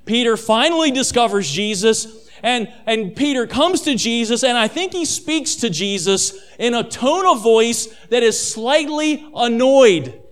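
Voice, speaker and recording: A male pastor delivers a dramatic sermon in a high voice, calling his listeners family. He drops to a near hush for weighty lines, then climbs back to full strength as the story builds. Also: expressive, measured pace. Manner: dramatic, addresses listeners as family, swings between hushed and loud.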